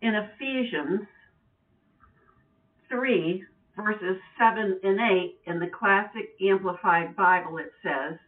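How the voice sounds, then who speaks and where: A woman reading Bible passages aloud in a careful, deliberate way. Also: mid-range voice. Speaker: Bible teacher. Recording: tinny sound from far off.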